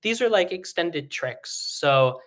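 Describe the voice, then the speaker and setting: A man teaching singing in a casual, rambling way, with many fillers and restarts, breaking into high sung examples. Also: animated, slow pace, fairly bright tone. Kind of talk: live online singing lesson.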